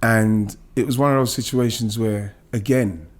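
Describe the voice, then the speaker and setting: A middle-aged man from England, a former footballer, telling an emotional personal story in a podcast interview, animated, swearing and stumbling over restarts when moved. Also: lowish voice, normal speed.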